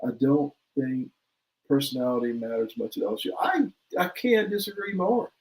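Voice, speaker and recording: A man co-hosting a sports talk show speaks in a fairly high voice and keeps it lively, laughing easily as he argues. He reads listener comments aloud and jumps between opinions. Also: moderate pace, creaky, poor audio. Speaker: podcast co-host.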